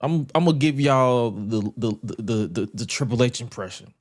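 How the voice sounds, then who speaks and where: A man hosting a casual wrestling podcast, animated and slangy, often repeating words. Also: medium pitch, moderate pace, dry recording, clean studio sound. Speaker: podcast host.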